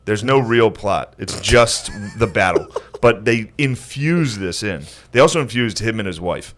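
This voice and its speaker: A man co-hosting a comedy podcast, chatting casually and riffing into loud mock voices. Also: fairly low pitch, animated, unhurried. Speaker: podcast co-host.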